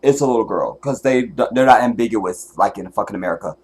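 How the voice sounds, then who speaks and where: A man's voice: on the low side, quick pace, a little mellow, breathy edge. A man hosting a livestream and giving commentary in an angry, profane, emotional rant, at times close to tears. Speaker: livestream host.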